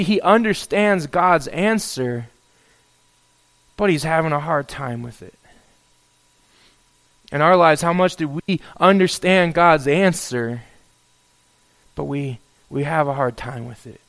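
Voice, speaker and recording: A man's voice: fairly high pitch, measured pace, vocal fry, long pauses, a bit bright. A man preaching a sermon, reading scripture and then acting out a prophet's pleading complaints to God. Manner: reads scripture then expounds, acts out a pleading prophet with rising intensity. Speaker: pastor.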